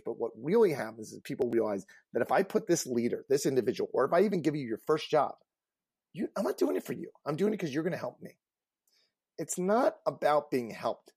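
A man co-hosting a casual panel talk as a career coach, earnest and emphatic, growing animated as he tells stories. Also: medium pitch, breathy edge, no echo.

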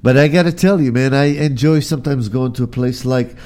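A man's voice: medium pitch, fairly quick, a little mellow. A man co-hosting a casual talk show, rambling with many fillers and restarts. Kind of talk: casual chat. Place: near Burbank, California.

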